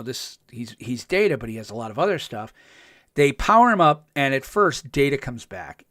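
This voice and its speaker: A man hosting a podcast, recapping a TV episode in a casual, excited way, full of ums and restarts and acting out the characters' lines. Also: a little high, no room sound, studio quality. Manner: chatty, with frequent ums and restarts. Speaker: podcast host.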